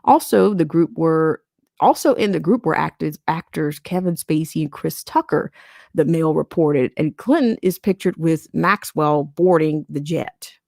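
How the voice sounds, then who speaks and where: Gravelly sarcastic woman reading the news. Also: low-pitched, measured pace, darkish tone, dry recording, clean studio sound. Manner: sarcastic asides between read quotes. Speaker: podcast host. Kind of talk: reading a news article aloud with commentary.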